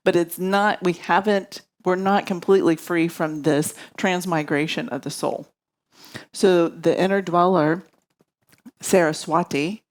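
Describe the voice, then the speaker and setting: A woman's voice: fairly low pitch, a little mellow. A woman yoga teacher giving a reflective spiritual study lesson, often searching for words.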